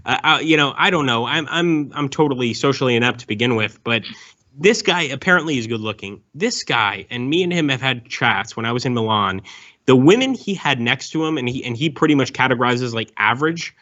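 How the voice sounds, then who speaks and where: Excitable man teasing crudely. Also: mid-range voice, brisk. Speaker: guest streamer. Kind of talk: casual chat. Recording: dull lo-fi audio.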